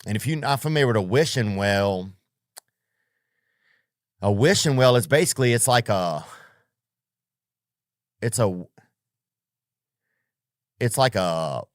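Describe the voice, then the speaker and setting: A man's voice: on the low side, lively intonation, a little slow, pauses often, dry recording, studio quality. A man hosting a podcast with a comedic monologue, rambling, swearing a lot and sounding keyed up. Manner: rambling, profane, riffing. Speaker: podcast host.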